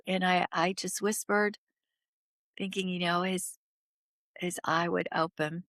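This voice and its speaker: A middle-aged woman as an interview guest, telling a personal story in an earnest, halting way that drops to a whisper at its hardest points. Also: on the low side, level tone, fairly bright tone, dry recording, studio quality.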